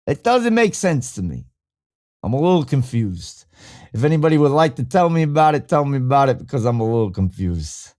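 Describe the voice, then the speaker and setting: Speaking at normal speed in a mid-range voice, this podcast host browses and clicks around while thinking aloud. He's animated and profane, ranting casually with lots of swearing.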